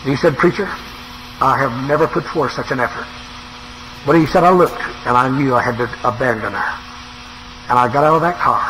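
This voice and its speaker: A man's voice: medium pitch, fairly quick, pauses often, fairly bright tone, a little hiss or hum, rough recording. A man preaching a sermon, telling a dramatic story with an emotional delivery. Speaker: evangelist preacher.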